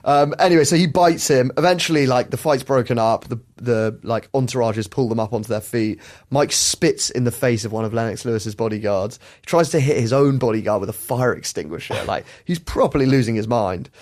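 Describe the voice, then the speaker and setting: A man with a mid-pitched voice hosts a podcast and tells the story in a chatty way. He laughs now and then as he goes. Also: brisk, few pauses, a little mellow. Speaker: podcast host.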